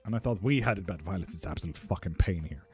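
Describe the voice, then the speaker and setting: Man, low voice, casual sweary chat, reads comments, laughs a lot, faint music behind. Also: animated, quick pace, darkish tone, breathy edge. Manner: sweary, chatty, laughing often. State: hot and sticky. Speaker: livestream tarot reader. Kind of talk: casual live-stream chat, reading comments.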